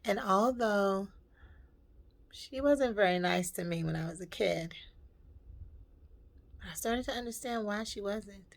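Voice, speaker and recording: A woman's voice: medium pitch, unhurried, creaky, long pauses. Heartfelt woman telling a personal story. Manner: heartfelt, reflective, emotional storytelling. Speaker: vlogger.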